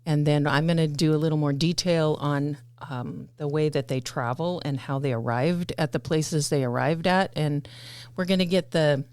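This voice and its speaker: A woman's voice: low voice, moderate pace, darkish tone, clean tone, dry recording. An American woman hosting a casual podcast, talking in a chatty, rambling way with many fillers. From United States. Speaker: podcast host.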